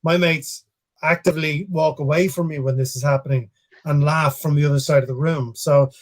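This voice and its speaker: Joking Irish man, slightly high voice. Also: steady tone, brisk. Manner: joking, self-mocking, stumbling restarts. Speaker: podcast co-host. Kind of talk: casual comedy chat.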